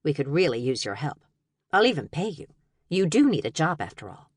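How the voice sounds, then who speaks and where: A woman's voice: low voice, sing-song, a little fast, darkish tone, husky, no echo, studio quality, heavily acted. A woman voicing a playful, theatrical middle-aged mother in an audiobook, coaxing and doting. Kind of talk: audiobook character voice.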